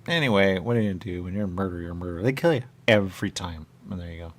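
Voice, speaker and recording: A man's voice: low-pitched, racing. A man hosting a radio talk show in a meandering, repetitive, stream-of-consciousness monologue. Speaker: radio host. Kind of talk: rambling monologue.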